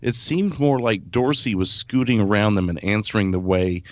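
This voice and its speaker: Co-host type, relaxed and profane; lower voice, dry recording. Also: male voice, moderate pace, no echo. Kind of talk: casual chat.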